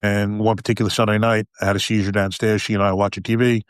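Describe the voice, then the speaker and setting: A man in his fifties speaks candidly and bluntly, with cursing, in a fairly low voice. The sound is dry and close, without any room echo. He tells his story in a conversational way. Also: little pitch movement, quick pace, clean tone. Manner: blunt, profane, emotional. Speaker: podcast guest, retired police officer.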